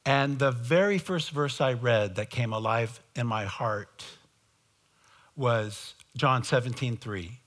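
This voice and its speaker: A man telling his conversion story in a sermon, slow and halting, with many fillers and restarts. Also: mid-range voice, fairly bright tone. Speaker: preacher giving testimony. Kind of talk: sermon testimony.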